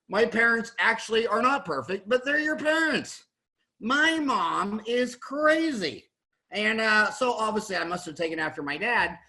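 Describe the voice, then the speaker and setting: Middle-aged American dentist host, high bright voice, blunt and rambling, video call. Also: male voice, rough recording. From USA. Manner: blunt, rambling and emphatic with many restarts. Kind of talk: opinionated panel discussion.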